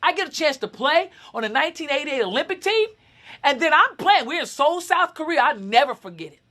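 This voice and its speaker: A woman in her fifties giving a motivational talk, telling a personal story in a lively, dramatic way and acting out scenes with sudden shouts. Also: high voice, fairly quick. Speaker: motivational speaker.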